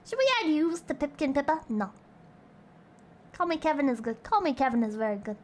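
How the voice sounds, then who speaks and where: A woman's voice: sits high, lively intonation, brisk, a little mellow, slight background noise. A young woman streamer in casual chat, reading out donations, playful and crude and rambling.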